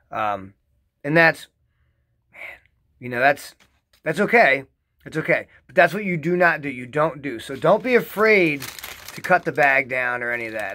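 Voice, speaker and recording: A man giving a casual, excitable how-to demo in his home basement, rambling and repeating himself as he works. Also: a little high, no room sound, clean studio sound. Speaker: home rosin-press vlogger.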